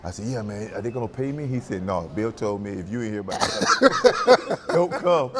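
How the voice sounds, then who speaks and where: A man's voice: on the low side, very animated, moderate pace, crowd noise. A man in his sixties telling stories in a roundtable chat, laughing and acting out dialogue. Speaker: former running back.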